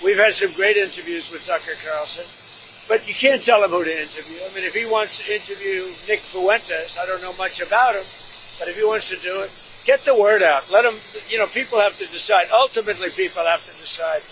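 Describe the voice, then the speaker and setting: A man's voice: high voice, a little fast, background noise. A man answering reporters at a press conference, combative and repetitive, cutting questioners off. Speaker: politician taking press questions.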